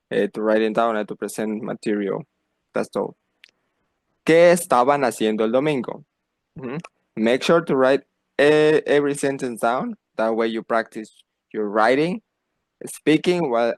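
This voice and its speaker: A man's voice: medium pitch, no room sound. A man teaching a beginner lesson, patiently repeating phrases for learners to copy. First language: Spanish. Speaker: Spanish teacher. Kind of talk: slow beginner language lesson.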